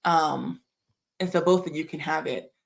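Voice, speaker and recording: A woman's voice: low-pitched, moderate pace, creaky. A young woman hosting a livestream, rambling in casual chat as she reads viewer comments, often laughing and short of breath. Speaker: livestream host.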